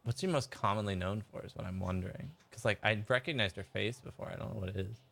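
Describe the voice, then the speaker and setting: A man's voice: lowish voice, quick pace, vocal fry, a bit bright. A man chatting casually as he streams a game and reads out chat messages. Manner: chatty, rambling, laughs, reads chat aloud. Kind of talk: casual gameplay commentary.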